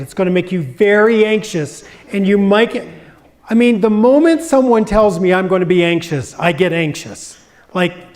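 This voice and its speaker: A man's voice: high-pitched, a little mellow. A middle-aged man giving a public talk as a grief expert, telling stories and acting out the voices of the people in them. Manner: storytelling, acts out quoted voices. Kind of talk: public presentation.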